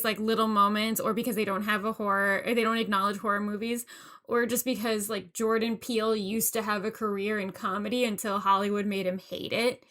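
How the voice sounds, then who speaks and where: A woman's voice: on the high side, a bit bright. A woman co-hosting a podcast, talking in a chatty, casual way and laughing often. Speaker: podcast co-host. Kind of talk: casual chat.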